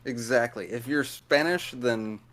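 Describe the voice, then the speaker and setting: A man in his thirties or older talks as a guest in a relaxed conversation. He explains things patiently and at length, with a voice sitting in an ordinary middle register. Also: mid-range voice, measured pace, crowd noise. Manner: patient, explanatory, chuckles while talking. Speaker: deaf guest on a study stream.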